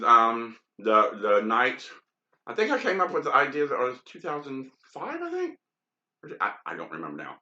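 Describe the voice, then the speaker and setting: A man's voice: mid-range voice, pushed and bright. A man hosting a casual podcast, rambling frankly over old photos with many ums and asides. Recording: dull, lo-fi, roomy sound.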